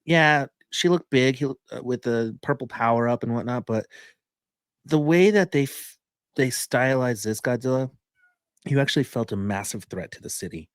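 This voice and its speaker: A man's voice: medium pitch, normal speed, no echo, studio quality. A man co-hosting a podcast, reviewing a movie in casual, enthusiastic chat full of fillers. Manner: rambling, enthusiastic, many fillers.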